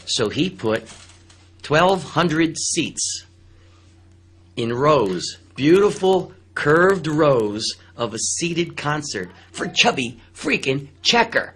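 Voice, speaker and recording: An older man, a musician appearing as a radio guest, telling stories in an animated, emphatic way. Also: a little high, drawn-out words, breathy edge. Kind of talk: casual radio interview storytelling.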